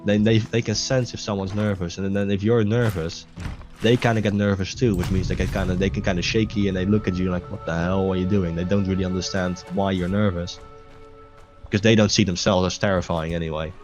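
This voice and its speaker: A young man with a low, deep voice talks over his gameplay in loose, rambling bursts, swearing freely and restarting his sentences. Game music plays clearly underneath him. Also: steady tone, a little fast. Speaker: gaming video host. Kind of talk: casual chat over gameplay. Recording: music playing clearly behind voice.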